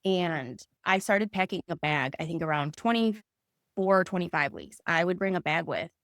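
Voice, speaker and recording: A woman's voice: fairly low pitch, animated, moderate pace, a bit bright, no echo, clean studio sound. A woman, a podcast guest, earnestly telling her personal story in conversation and acting out remembered dialogue.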